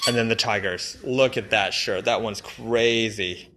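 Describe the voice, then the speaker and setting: A man's voice: fairly low pitch, fairly even intonation, a little slow, pushed and bright. A man casually walking viewers through new clothing on a live stream, enthusiastic and rambling, full of fillers and restarts. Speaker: brand representative showing new products. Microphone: phone or camera mic on a live stream.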